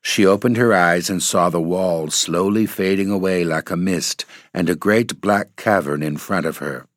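Male narrator, deep and steady, storybook reading in a dry booth. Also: moderate pace, no room sound.

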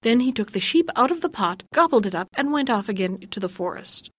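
A woman narrating a fairy tale in a measured, gently expressive storytelling voice. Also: on the high side.

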